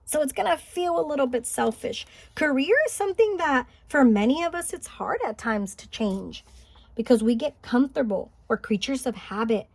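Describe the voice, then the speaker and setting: A woman giving a spiritual pick-a-card reading, gentle and encouraging, thinking aloud with small restarts. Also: high voice, expressive, moderate pace, gravelly, no room sound. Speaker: tarot card reader. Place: home, Highland Park, California.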